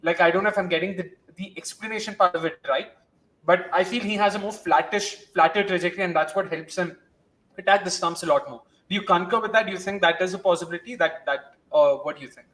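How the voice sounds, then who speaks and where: Fast and high-pitched with a fairly bright tone, this Indian-accented host rambles through a live cricket watchalong over a rough recording. He mixes Hindi with English and keeps correcting himself as he goes.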